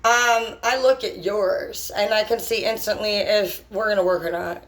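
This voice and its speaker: A woman's voice: medium pitch, fairly even intonation, normal speed, rough recording. A woman vlogging in a casual monologue, rambling bluntly and swearing constantly. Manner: brash and unfiltered.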